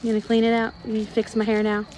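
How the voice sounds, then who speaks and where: Racing along in a slightly high, monotone, mellow voice, a woman talks cooing baby talk to her pet rooster. She runs an animal rescue, and the recording is noisy with chickens clucking behind her.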